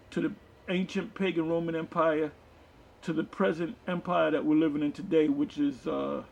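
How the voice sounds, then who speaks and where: Gravelly man preaching on scripture. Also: fairly high pitch, lo-fi sound. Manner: reads verses aloud, then explains them loosely with fillers. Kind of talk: scripture teaching.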